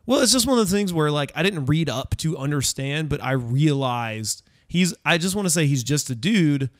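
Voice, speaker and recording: A man with a fairly high, animated voice hosts a casual horror-movie podcast at a moderate pace, recorded with no room sound. He rambles through the film discussion, correcting himself as he searches for words.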